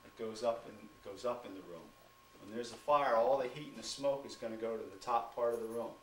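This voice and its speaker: A man's voice: fairly low pitch, fairly quick. Male firefighter, classroom talk to preschoolers, patient and questioning, echoey classroom. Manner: patient, asks the kids lots of simple questions. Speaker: firefighter teaching preschoolers fire safety. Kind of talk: classroom talk to small children. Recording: echoey room from far off, noisy.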